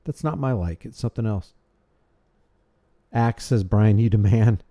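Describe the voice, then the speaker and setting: A man's voice: lowish voice, a little slow, warm tone. A man hosting a casual livestream, rambling and thanking viewers by name as he reads their messages. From United States. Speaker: livestream host. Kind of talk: casual livestream chat reading super chats.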